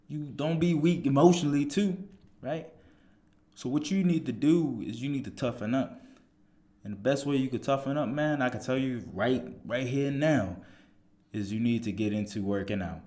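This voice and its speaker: A man's voice: fairly low pitch, darkish tone. A man, a soldier giving blunt, profane motivational advice in a casual monologue, full of rhetorical questions.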